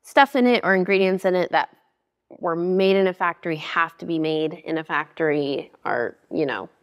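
Woman dietitian guest, low-ish voice, easygoing explainer, reverberant room. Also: moderate pace, dull audio. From Alaska. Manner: chatty, laughs easily, explains plainly. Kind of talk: casual interview chat.

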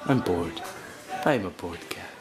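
A man voicing a bored, nervous male house cat in halting, broken, deadpan speech. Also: low-pitched, over music. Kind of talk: playful improvised voice.

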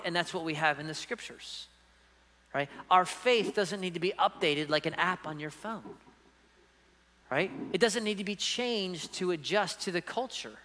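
A man's voice: high voice, sharp tone, long reverb tail. A man preaching a sermon as pastor, emphatic and conversational, often checking in with the congregation. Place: church sanctuary.

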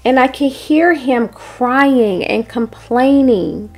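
A woman hosting a devotional prophetic message, speaking earnestly and dropping into soft, whispered prayer. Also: on the high side, animated, slow pace. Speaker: host and prophetic teacher.

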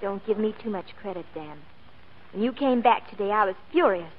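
A woman's voice: medium pitch, lively intonation, fairly quick, a little hiss or hum, lightly acted. A woman playing an earnest young woman. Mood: tender. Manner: earnest, gentle. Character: warm-hearted young woman in love. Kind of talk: 1940s radio acting. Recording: tinny old radio broadcast.

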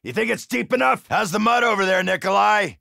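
An actor playing a cocky, crude middle-aged American marine in a video game, with a gravelly voice and a brash, shouty, wisecracking manner. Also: male voice, medium pitch, sing-song, unhurried, dry recording, clean studio sound, exaggerated voice. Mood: gung-ho.

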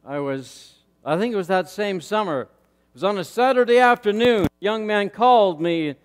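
A middle-aged male pastor preaching a sermon, telling stories and getting louder and higher as they build. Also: lively intonation, normal speed, big-room sound. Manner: storytelling, rising loud and high in anecdotes. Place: church sanctuary.

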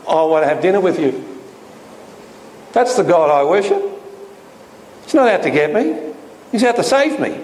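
A man preaching a sermon with emphatic delivery and frequent rhetorical questions. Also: high-pitched. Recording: echoey hall with faint noise.

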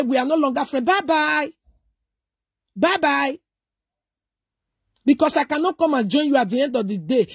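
A woman's voice: on the high side, darkish tone, breathy edge, no echo, studio quality. A middle-aged woman with a Nigerian accent giving emphatic, preachy commentary, mixing Pidgin and English. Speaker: social media commentator. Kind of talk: casual commentary.

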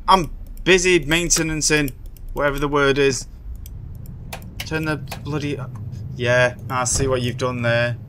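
A man's voice: mid-range voice, level tone, measured pace, pauses often, a bit bright, slight background noise. Jumpy man playing a horror game. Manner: jumpy, swearing, talks to himself, sudden yelps. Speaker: gaming streamer. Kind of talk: horror game let's play commentary.

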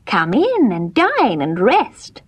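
A wicked old storybook witch, put on by a woman, her voice pitched high and shrill as she gloats and coaxes slyly. She cackles over her plans in a husky, breathy tone. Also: wildly swooping pitch, takes it slowly, no echo, heavily acted. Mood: sweetly coaxing. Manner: shrill and gloating, sly coaxing.

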